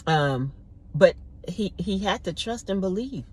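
A woman's voice: lowish voice, animated, a little slow, slightly rough. A woman giving an informal devotional sermon, talking conversationally and repeating words for emphasis. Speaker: preacher.

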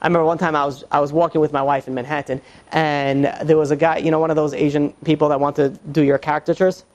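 A man teaching as a rabbi in an informal lecture, halting and full of "you know" fillers and restarts, with joking asides. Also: a little high, level tone, a little mellow, lo-fi sound.

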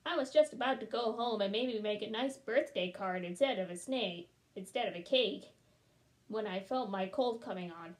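A woman reading a storybook aloud as a smooth-talking male wolf, chatty and wry in tone. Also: medium pitch, normal speed, close to an everyday voice. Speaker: storybook reader. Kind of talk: children's read-aloud.

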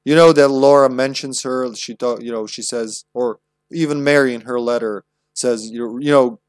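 A young man talks through a horror game on a live stream, loose and chatty, with frequent laughs and plenty of swearing. His voice sits at an everyday middle pitch. The sound is dry and close, with no room around it. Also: normal speed, no room sound. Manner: chatty, profane, laughs often. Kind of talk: casual live-stream gameplay commentary.

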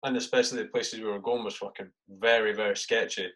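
A man's voice: fairly low pitch, fairly even intonation, fast, fairly bright tone. A man in his thirties, an army sergeant guest on a podcast, telling war stories casually with heavy swearing and "mate" in every sentence. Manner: swears a lot, says "mate" often; acts out his own past reactions. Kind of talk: casual storytelling.

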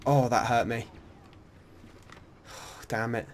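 A young man talks through an online shooter match in easy, unscripted commentary. He is excitable and swears freely, mixing frustration with laughing banter aimed at his teammate. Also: mid-range voice, extremely slow. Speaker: gamer. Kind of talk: casual gaming commentary.

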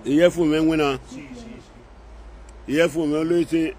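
This social media live-video rant comes from a man in Nigerian Pidgin English, repeating himself as he scolds and mocks. He talks fast in a voice on the high side that sounds a little mellow, with slight background noise.

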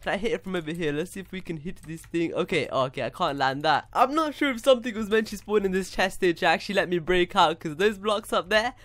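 A young man with a high, bright voice, talking through his gameplay in a loose, excitable ramble. He wonders aloud about each step and keeps calling everyone dude. The sound is very dry and close, with no room sound at all. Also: fast talker, hardly any pauses, no echo. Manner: excitable, talks to himself, says dude a lot. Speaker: gaming YouTuber. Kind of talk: casual Minecraft gameplay commentary.

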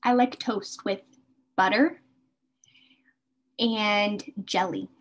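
A woman teaching a beginner English class, speaking slowly and carefully and repeating words for her learners. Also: medium pitch, slight background noise. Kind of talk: slow beginner English lesson.

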